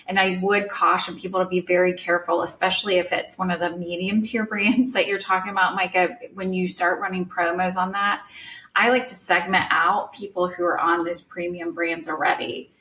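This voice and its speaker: A woman hosting an interview podcast, giving measured advice and putting questions to her guests by name. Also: on the low side, flat delivery, pushed and bright, far from the mic. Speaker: podcast host. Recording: roomy sound, away from mic.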